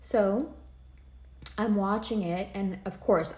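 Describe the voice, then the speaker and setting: A woman's voice: medium pitch, moderate pace, warm tone, reverberant. A woman giving a casual, earnest tarot reading, emotional and rambling as she talks straight to the listener. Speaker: tarot reader.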